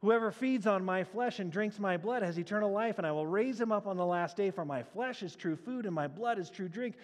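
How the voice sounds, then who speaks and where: A man preaching a sermon as a pastor, animated and acting out the crowd's reactions. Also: sits high, fairly quick, long reverb tail. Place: church sanctuary.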